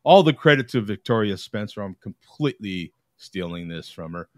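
A man's voice: lowish voice, animated, dry recording. Chatty American man hosting a live show. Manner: chatty, laughs often, reads aloud haltingly. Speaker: host. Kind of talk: casual chat. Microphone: video call.

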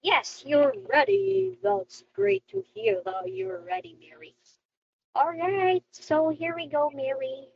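High, slow, sing-song woman teacher over a lo-fi video call, coaxing a young pupil through drills, with a lively pitch. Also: gravelly. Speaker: online English teacher. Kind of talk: online children's lesson.

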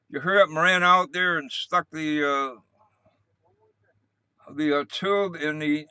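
Older man, livestream host, rambling and repetitive, gruff, slightly high voice, clear smooth tone. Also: sharp tone, no echo. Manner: repetitive, meandering, gruff with mild cursing. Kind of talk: rambling casual live chat.

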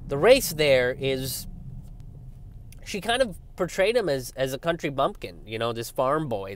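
A young man giving a casual political rant, animated and sarcastic, swearing often and mocking his opponents. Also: mid-range voice. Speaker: political commentator. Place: outdoors by a road with passing traffic.

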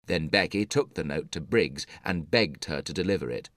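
A man narrating a story for English learners in a measured, clear reading. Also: very deep voice, lively intonation, fairly bright tone, no room sound.

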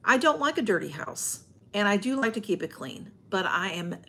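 Husky-voiced chatty woman. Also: mid-range voice, sing-song, moderate pace, fairly bright tone. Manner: rambling, chatty, greets viewers and reads comments aloud. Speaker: livestream host. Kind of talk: casual livestream chat. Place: at home.

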